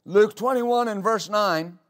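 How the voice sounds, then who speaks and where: Male pastor, high voice, preaching a church sermon with rhetorical questions. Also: slow pace. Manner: preaching with rhetorical questions, reading scripture aloud.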